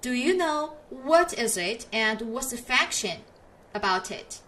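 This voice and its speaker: A woman teaching pinyin, speaking slowly and patiently in English and drawing out each model sound for learners to copy. Her voice sits a little high, and she leads the class step by step. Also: lively intonation, sharp tone. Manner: slow, patient, drawn-out model syllables for repetition. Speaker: Chinese teacher.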